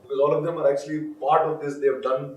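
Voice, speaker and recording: A quick-talking man with an Indian English accent leads a relaxed interview and slips Telugu phrases into his questions. He sounds a little away from the mic in a roomy space, with faint noise behind him. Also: a little high, far from the mic. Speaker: host. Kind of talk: casual interview chat.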